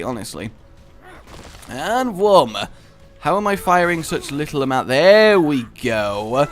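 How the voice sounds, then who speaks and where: Animated excitable male game commentator. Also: moderate pace. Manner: excitable, jokey, bursts into loud high exclamations. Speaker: gaming video host. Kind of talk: let's play commentary.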